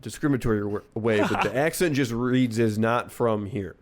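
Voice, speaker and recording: A man's voice: lowish voice, normal speed. A man in casual podcast chat, offering wry conversational commentary.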